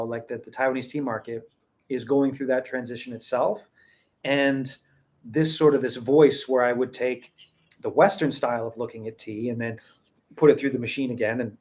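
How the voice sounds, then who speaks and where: A man talks loosely to his viewers as host of his own tea channel, drifting through his thoughts. He restarts sentences often and chuckles now and then. His voice sits at an ordinary middle pitch. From Western. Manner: rambling, many restarts, chuckles. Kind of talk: casual talk to camera.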